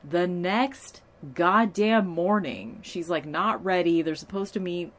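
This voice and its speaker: Low-voiced woman, casual blunt chat. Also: takes it slowly. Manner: candid, swears freely, restarts and fillers. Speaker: TV episode recapper.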